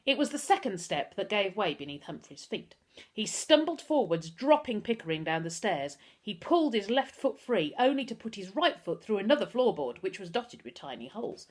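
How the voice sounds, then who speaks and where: A teacher with a mid-range voice reads a children's book aloud at a moderate pace. She tells the story expressively.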